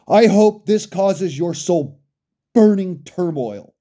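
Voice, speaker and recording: A man's voice: high voice, expressive, slow pace, mellow. A furious man delivering an angry, profane political rant, berating his listeners. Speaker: commentator.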